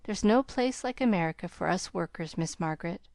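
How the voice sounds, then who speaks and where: A woman voicing a kind, earnest young male tutor in an audiobook, speaking gently and encouragingly. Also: fairly low pitch, expressive, fairly quick, vocal fry, dry recording, clean studio sound. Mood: gentle.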